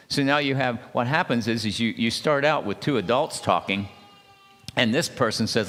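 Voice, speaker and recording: A man speaking at a church marriage seminar, talking haltingly with many restarts and checking in with his listeners by asking "okay?". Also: medium pitch, a bit bright. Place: church hall. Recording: long hall reverb.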